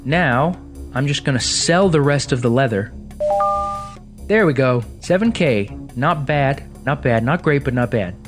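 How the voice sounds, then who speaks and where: A young man hosting a gaming video, chatting casually and playfully as he plays, swinging between excited bursts and quiet mumbling. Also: mid-range voice, measured pace, music in the background. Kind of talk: casual gameplay commentary.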